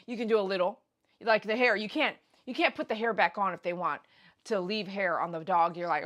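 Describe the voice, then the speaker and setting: A woman hosting a casual livestream, telling a story in an animated, blunt, slangy way with loud bursts. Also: medium pitch, fast talker. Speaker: pet groomer host. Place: grooming shop.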